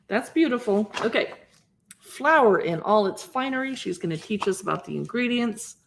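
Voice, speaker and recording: Wanita 50-an yang ramah dan bersemangat. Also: female voice, fairly high pitch, normal speed, gravelly. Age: 50s. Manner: chatty and lively, reading recipe names aloud and greeting viewers. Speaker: livestream host. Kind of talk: casual livestream cookbook flip-through.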